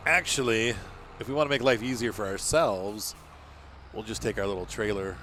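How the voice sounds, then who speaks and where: A man's voice: fairly low pitch, a little fast, gravelly, background noise. A man hosting a casual let's-play, chatting and joking as he narrates each move in the game. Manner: chatty and jokey, narrating his own moves. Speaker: gaming channel host.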